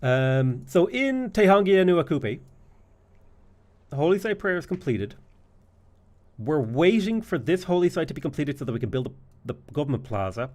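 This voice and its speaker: A man's voice: fairly high pitch, sing-song, normal speed, long pauses, darkish tone. A man with an Irish accent giving live gameplay commentary and trading jokey banter with his chat. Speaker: streamer.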